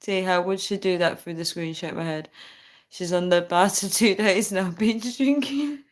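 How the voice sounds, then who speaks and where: A woman's voice: fairly low pitch, steady tone, normal speed. A young woman chatting casually to her viewers, telling a story and reading comments, often adding "right?" and "guys" and laughing. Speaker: vlogger reading live chat.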